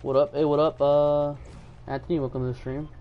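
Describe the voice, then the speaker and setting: A man's voice: a little high, flat delivery, brisk, dull audio. A young man from Texas live-streaming a game, chatting casually and joking while reading viewer messages aloud. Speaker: gaming streamer.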